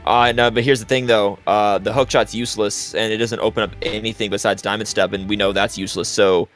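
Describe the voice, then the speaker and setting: A man's voice: on the low side, fairly even intonation, fairly quick, fairly bright tone, soft background music. A man commentating a live speedrun race, explaining strategy at length and calling out misplays. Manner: explanatory, opinionated, frequent restarts.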